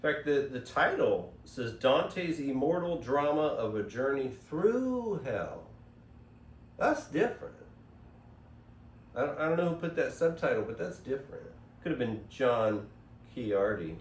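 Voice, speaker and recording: A man's voice: medium pitch, big pitch swings, unhurried. A man hosting a casual spiritual monologue, rambling and digressive, recorded on a phone. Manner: rambling, digressive, self-interrupting. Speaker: host. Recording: echoey room, voice from far off, faint hiss.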